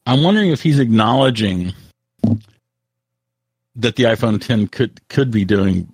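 A man co-hosting a casual tech podcast, talking in a halting way with frequent restarts. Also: fairly low pitch, lively intonation, a little mellow, slightly rough, dry recording. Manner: halting, full of restarts, reads out quotes. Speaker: podcast co-host.

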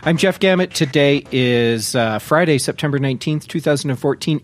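A man's voice: fairly high pitch, moderate pace, hardly any pauses. A man hosting a casual tech podcast, jokey and self-deprecating. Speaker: podcast host.

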